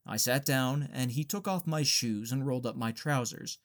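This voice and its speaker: A man reading a novel aloud as an audiobook narrator, in a plain, even storytelling manner. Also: medium pitch, normal speed, few pauses. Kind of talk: scripted narration.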